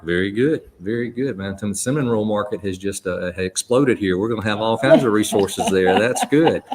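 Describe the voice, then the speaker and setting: A man's voice: lowish voice, normal speed, a little mellow, a little hiss or hum. A man with a Southern US accent hosting a live radio charity auction as auctioneer, folksy and full of fillers. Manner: folksy, filler-heavy, breaks into auctioneer patter. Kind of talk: live radio broadcast chat.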